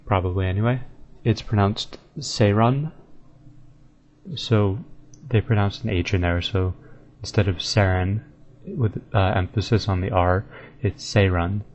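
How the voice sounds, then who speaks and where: Male gamer, low-ish voice, easygoing commentary, sounds out words carefully; dull home mic, faint hiss. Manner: relaxed, thinking aloud, tries out words slowly. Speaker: video game guide maker. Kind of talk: casual commentary over gameplay.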